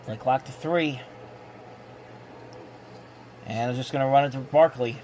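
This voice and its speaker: A man hosting a live rewatch, giving excitable play-by-play commentary with frequent restarts. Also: mid-range voice, measured pace, a little hiss or hum. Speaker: host live-reacting to a football game. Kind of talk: casual live sports commentary.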